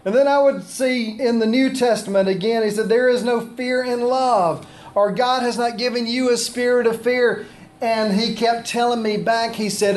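A man's voice: very high voice, steady tone, moderate pace. A man pastor, preaching a sermon and drawing answers from the congregation. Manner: preaching with call-and-response questions.

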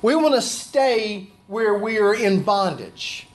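A man's voice: high voice, animated, slow pace. A man preaching a conversational sermon, acting out the scripture voices he quotes. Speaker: pastor.

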